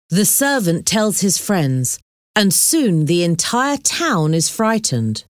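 A woman reading a children's chapter story aloud, clear and deliberate. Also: fairly low pitch, sing-song, dry recording, clean studio sound. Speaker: narrator.

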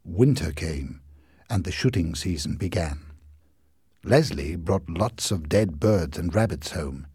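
A man narrating a storybook in an expressive, lively reading. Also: low voice, slow, slightly rough, dry recording, clean studio sound.

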